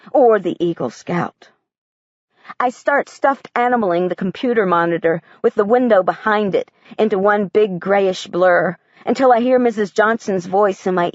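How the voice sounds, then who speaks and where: A woman's voice: medium pitch, no room sound, muffled recording. A woman reading a first-person audiobook in a plain, matter-of-fact storytelling voice. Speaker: audiobook narrator.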